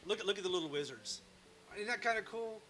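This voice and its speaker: High-pitched, animated, pushed and bright, this man talks fast as host of a laid-back woodcarving live stream. He meanders through self-mocking jokes and often starts his sentences over.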